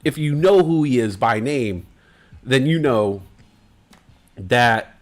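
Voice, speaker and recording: A man's voice: mid-range voice, expressive, takes it slowly, pauses often, faint music behind. A man hosting a casual livestream, talking in loose, profane, rambling banter. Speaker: livestream host.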